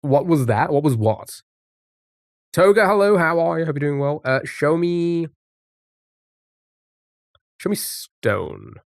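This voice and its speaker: A man's voice: a little high, normal speed, no echo, studio quality. A man streaming live, chatting casually with viewers and thinking aloud while guessing words. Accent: non-American English.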